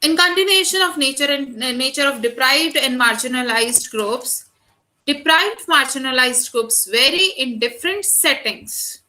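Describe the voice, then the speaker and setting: Bright-voiced Indian woman lecturing. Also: high voice, normal speed, rough recording. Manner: addresses students directly, reads out lists of terms. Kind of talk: online lecture.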